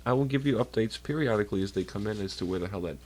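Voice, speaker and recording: A young male streamer rambles into his desk mic with a lively, bouncing pitch. He swears freely and jokes with his chat. His nose sounds a little stuffed and nasal. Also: very fast. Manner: rambling, profane, jokey, talks to chat. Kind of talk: casual chat on a livestream.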